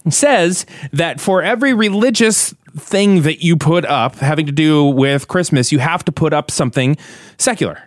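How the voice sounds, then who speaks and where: A man's voice: fairly high pitch, moderate pace, no echo, studio quality. A man co-hosting a podcast in a casual, joking chat, reading out news stories. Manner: jokey, reads quotes aloud. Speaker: podcast co-host.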